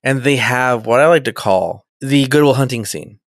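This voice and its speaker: A man co-hosting a casual chat, animatedly retelling a TV episode and slipping into quick character voices. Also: mid-range voice, no room sound, studio quality. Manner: animated storyteller, acts out characters in quick impressions, swears a lot. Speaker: podcast co-host.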